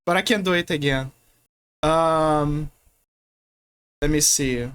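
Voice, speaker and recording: A woman's voice: low voice, slow, clear, resonant tone. Playful woman streamer. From Brazil. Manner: rambling, playful, many restarts. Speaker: game streamer. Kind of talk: casual stream chat while gaming.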